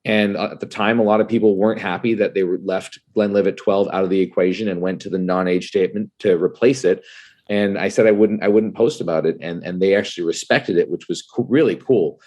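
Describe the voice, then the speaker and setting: A man talking as a podcast guest in casual, animated chat, laughing often and calling the host "dude". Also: low-pitched, brisk. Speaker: guest, whiskey writer and tasting host.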